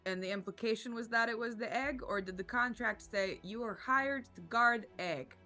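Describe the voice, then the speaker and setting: A woman's voice: fairly high pitch, normal speed, pushed and bright, soft background music. A woman playing in a tabletop game, speaking in a precise, lawyerly, pedantic way. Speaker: player.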